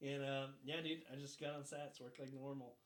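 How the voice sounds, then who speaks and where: A young man telling crude stories on a casual podcast, laughing often and loudly acting out the people in them. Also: medium pitch, flat delivery, brisk, roomy sound. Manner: crude, laughing storyteller who acts out others loudly. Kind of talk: casual chat, storytelling.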